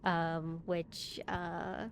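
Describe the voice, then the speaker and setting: A woman's voice: fairly low pitch, flat delivery, drawn-out words, slight background noise. Sleepy, chatty woman streamer. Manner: chatty, yawning, laughs often, greets chat by name. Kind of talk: casual live-stream chat while gaming.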